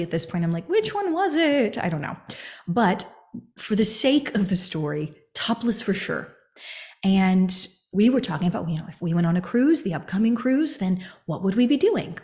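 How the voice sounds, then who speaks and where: Expressive American woman podcast host. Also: fairly low pitch. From United States. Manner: expressive, animated, often drops into a whisper or a sung phrase for emphasis. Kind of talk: personal storytelling and coaching talk.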